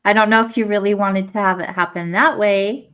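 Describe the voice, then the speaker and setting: A woman's voice: medium pitch, fairly even intonation, brisk, fairly bright tone, smooth. A woman interviewer asking short follow-up questions and laughing along with her guest.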